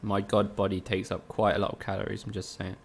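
A man with a low, gravelly voice streams a game and talks to his chat. He swears often and jokes sarcastically. A faint hiss of noise sits under the recording. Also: little pitch movement, quick pace. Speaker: gaming streamer. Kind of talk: casual live-stream commentary.

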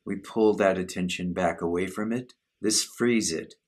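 A man leads a satsang, his words unhurried and contemplative as he guides listeners through self-inquiry. His voice sits very low and carries a husky grain. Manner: slow, measured, contemplative. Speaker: spiritual teacher.

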